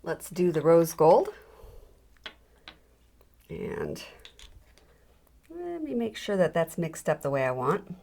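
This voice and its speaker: Low gravelly woman demonstrating a craft. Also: wildly swooping pitch, slow pace, pauses often, mellow. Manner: chatty, self-deprecating, with fillers. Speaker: jewelry tutorial instructor. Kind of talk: casual hands-on demonstration.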